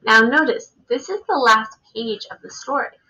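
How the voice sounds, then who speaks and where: A woman teacher giving a reading lesson for children, reading a picture book aloud with expression and pausing to ask questions. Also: on the high side, animated, pushed and bright, husky, muffled recording.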